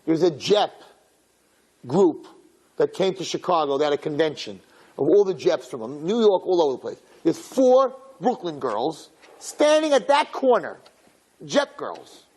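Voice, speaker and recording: A male rabbi telling a story in a sermon, animated and acting out voices, with Hebrew and Yiddish terms mixed in. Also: fairly high pitch, breathy edge, poor audio.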